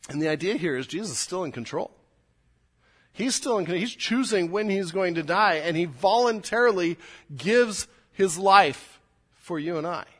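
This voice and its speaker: A man preaching a sermon to a church congregation, his voice sitting a little higher than most men's. He speaks earnestly and with emphasis, and he often repeats a word or phrase as he builds toward a point. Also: fairly bright tone. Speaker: pastor.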